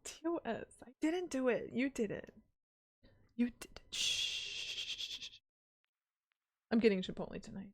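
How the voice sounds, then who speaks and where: A woman's voice: on the high side, lively intonation, fairly quick, mellow. A woman streaming a video game and chatting casually with her viewers, giggly and teasing. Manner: chatty, giggly, answers chat. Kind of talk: casual live-stream chat.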